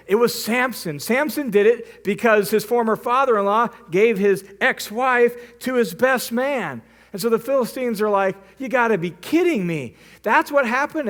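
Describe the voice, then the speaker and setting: High-voiced man telling a sermon story. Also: fairly bright tone. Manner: vivid storytelling, acting out quotes. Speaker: pastor. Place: church.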